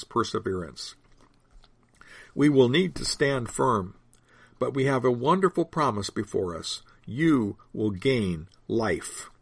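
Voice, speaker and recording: A man preaching a sermon, explaining scripture in a measured teaching manner that slows to stress key phrases. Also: fairly low pitch, vocal fry, breathy edge, dry recording.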